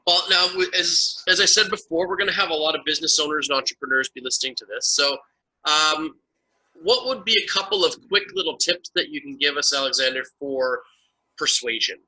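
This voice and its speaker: Upbeat male host, really bright tense tone, kinda high. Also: fairly quick, slightly rough, low-quality recording. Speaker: interview host. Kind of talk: interview questions.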